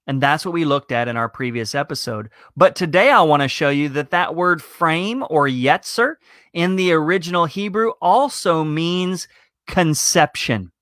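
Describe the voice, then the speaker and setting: A middle-aged man, a pastor, giving a slow, emphatic teaching sermon full of rhetorical questions. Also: on the high side, animated, a bit bright, no room sound, studio quality.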